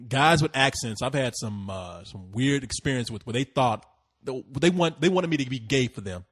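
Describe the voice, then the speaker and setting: A man's voice: medium pitch, lively intonation, moderate pace. A young man hosting a podcast, telling loose, profane stories in casual comedic chat. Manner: storytelling with lots of swearing and put-on quotes. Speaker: podcast host.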